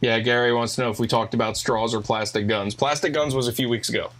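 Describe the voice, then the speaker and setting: A man's voice: mid-range voice, steady tone, fast talker, a bit bright, a little hiss or hum. Agreeable man co-hosting a podcast. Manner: agreeable, backs up the host. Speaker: podcast co-host. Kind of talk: casual podcast chat.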